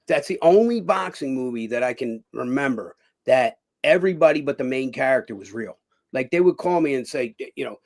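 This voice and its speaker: A man's voice: mid-range voice, expressive, brisk, gravelly, a little mellow. A man, a guest telling rambling stories in a casual interview, full of "you know" and acted-out voices. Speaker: guest, former boxer.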